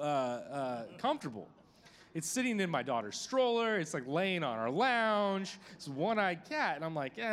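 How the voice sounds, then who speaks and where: A man's voice: high-pitched, fairly bright tone. A man in his thirties preaching to a group, telling a personal story in a chatty, self-deprecating way with many fillers. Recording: long hall reverb.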